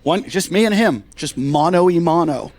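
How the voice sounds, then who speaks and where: A middle-aged man performing a stand-up comedy set on a club stage, telling stories deadpan and dropping his voice for quoted lines. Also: on the high side, normal speed.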